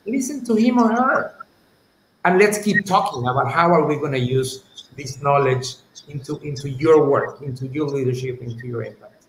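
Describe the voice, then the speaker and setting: A man's voice: medium pitch, animated, moderate pace. Thoughtful man, roomy echo. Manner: thoughtful, many restarts and "you know", "right?". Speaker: university leader, interview guest. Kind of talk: live-streamed interview answers. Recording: roomy echo, faint ambient noise.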